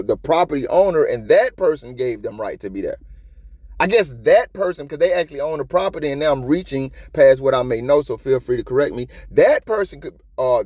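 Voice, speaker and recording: Profane, animated man with slang. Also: mid-range voice, no room sound, clean studio sound. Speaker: copwatch commentator. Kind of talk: casual commentary.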